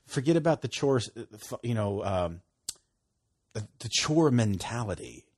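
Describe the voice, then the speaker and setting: A man giving a casual, animated sermon, often laughing and acting out conversations. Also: medium pitch, measured pace, slightly rough. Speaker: preacher.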